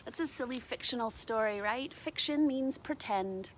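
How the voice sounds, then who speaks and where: A woman reading a children's picture book aloud with lively, animated delivery. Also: a little high, moderate pace, a little hiss or hum. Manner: animated, shouts character lines, explains to children. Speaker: storybook reader. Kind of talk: children's storybook read-aloud.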